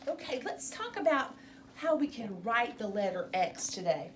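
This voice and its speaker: A woman teaching young children by video, speaking in a slow, sing-song, encouraging way. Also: a little high, big pitch swings, a bit bright. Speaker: preschool teacher. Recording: distant mic with faint room noise.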